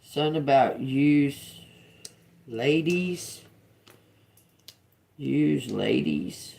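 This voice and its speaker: A woman on a casual livestream, slowly reading out and repeating words one by one. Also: a bass voice, expressive, vocal fry, mellow. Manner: slow, drawn-out, repeats words as she reads them. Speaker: tarot reader on a livestream.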